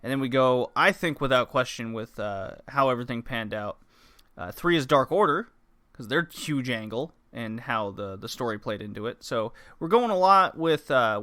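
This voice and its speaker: A man's voice: medium pitch, animated, normal speed, sharp tone, clear, resonant tone. A man hosting a podcast, recapping in a casual, blunt, profane way with loose fillers. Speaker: podcast host.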